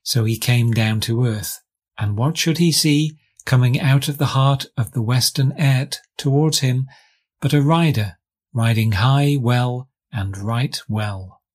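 A man from England reading a fairy tale aloud as scripted narration, with measured storytelling. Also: medium pitch. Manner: measured storytelling, lightly voicing characters. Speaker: audiobook reader.

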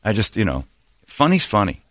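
A man's voice: fairly low pitch, wildly swooping pitch, moderate pace, a bit bright, no room sound. A man hosting a radio show, talking in blunt, opinionated studio banter.

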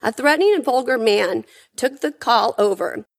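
A woman giving prepared testimony at a hearing, in an earnest, emphatic and measured way. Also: a little high, lively intonation.

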